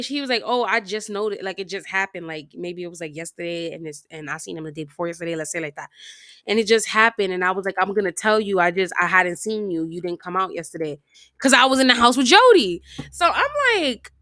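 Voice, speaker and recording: A woman telling a story casually over gameplay, retelling it in an animated, slangy way with constant fillers. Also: on the high side, fairly quick, no room sound, clean studio sound. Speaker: storytime vlogger.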